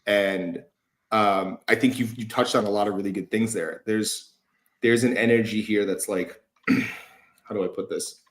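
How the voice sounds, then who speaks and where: Swearing, loose-talking man with a lowish voice. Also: steady tone, normal speed. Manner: loose, profane, lots of fillers. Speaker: host giving feedback. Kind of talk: casual conversation.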